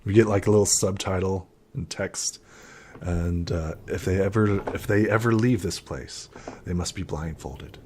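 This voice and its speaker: A man's voice: low voice, normal speed, a little mellow, slight background noise. A man narrating as game master, rambling with many fillers.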